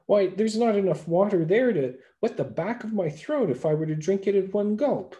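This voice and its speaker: Guy doing a whiny thirsty drinker, raised pitch, mellow. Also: expressive, moderate pace. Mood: complaining. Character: thirsty drinker who scorns a lake.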